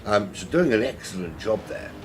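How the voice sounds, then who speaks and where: Deep-voiced South London man commentating. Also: animated, normal speed, a little hiss or hum. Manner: rambling, self-mocking, chatty asides. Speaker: sim racing commentator. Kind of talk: solo race commentary. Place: home.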